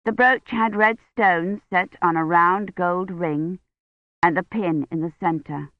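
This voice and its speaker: A woman narrating an audiobook in a measured, steady way. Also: lowish voice, dry recording, narrow, tinny audio. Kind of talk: scripted narration.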